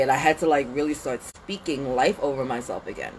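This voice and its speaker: A woman hosting a casual spiritual pep talk outdoors in the cold, animated and slangy, sniffly with a runny nose. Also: extremely low pitch, brisk, slight background noise, poor audio. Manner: animated, slangy and conversational, with lots of "like" and "you know". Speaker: spiritual reader and channel host.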